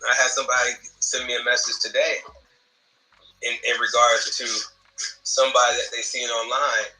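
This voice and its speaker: A man hosting a casual talk, speaking earnestly and haltingly, often repeating words as he restarts. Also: mid-range voice, little pitch movement, sharp tone, poor audio. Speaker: host. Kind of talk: casual discussion.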